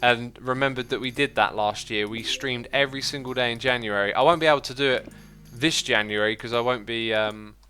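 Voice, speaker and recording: A man's voice: mid-range voice, brisk, few pauses, bright, forceful tone, smooth, soft background music. A man casually chatting with viewers on a livestream as he plays, reading chat messages aloud and thinking aloud with frequent fillers and restarts.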